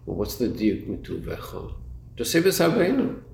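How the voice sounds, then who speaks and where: Lively questioning man teaching a class. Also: mid-range voice, moderate pace. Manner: questioning, repeats words, rhetorical back-and-forth. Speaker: Torah teacher. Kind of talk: Talmudic-style class lecture. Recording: roomy recording with faint hum.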